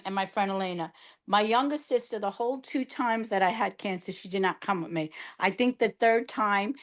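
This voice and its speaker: Chatty New woman, higher voice. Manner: animated storyteller, chatty and exasperated. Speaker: podcast co-host sharing her cancer treatment. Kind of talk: casual chat.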